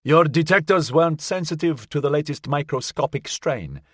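A narrator doing a slick, smug male official in an audiobook, smooth and condescending with a quiet menace. He sits a little above the narrator's usual pitch, with a lively, mocking lilt, and the recording is close and dry. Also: moderate pace, no echo. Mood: cold.

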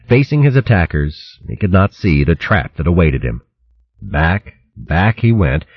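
A man narrating a fantasy adventure in a dramatic, expressive audiobook reading. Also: sits low, breathy edge, no room sound. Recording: dull lo-fi recording.

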